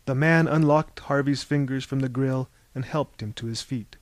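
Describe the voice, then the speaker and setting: A man narrating a literary audiobook in a measured, intense manner. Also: mid-range voice, no room sound.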